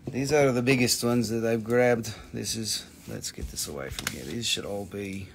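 A man's voice: fairly low pitch, normal speed, creaky, a little hiss or hum. A man hosting a live crystal sale, chatting casually with viewers, swearing freely and answering their questions. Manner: loose, profane, reads out viewer questions. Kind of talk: casual live-stream sales chat.

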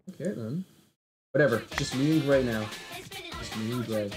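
A gameplay commentator talking live over play, self-mocking, looping the same phrase again and again and swinging from low mutters to high yelps. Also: moderate pace. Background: game music.

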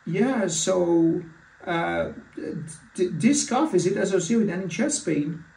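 A man's voice: high-pitched, lively intonation, a little slow, creaky, a little mellow, a little hiss or hum. A man acting as a physician in a mock patient consultation, talking hesitantly with many fillers and restarts. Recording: echoey room, far from mic.

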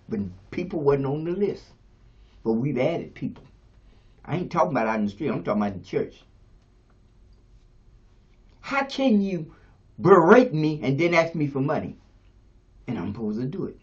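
A man's voice: sing-song, moderate pace, pauses often. Older man preaching, dull lo-fi sound. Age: 70s. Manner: preaching, swings from low to shouting. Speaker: pastor. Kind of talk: sermon.

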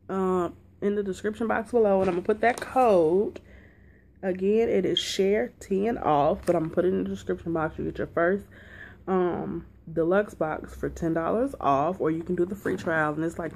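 A lower-pitched woman talks straight to her viewers in a chatty, excitable way, calling them y'all as she does a taste-test vlog at home. A faint hiss sits under the recording. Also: vocal fry. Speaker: vlogger. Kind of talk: casual unboxing and taste-test chat.

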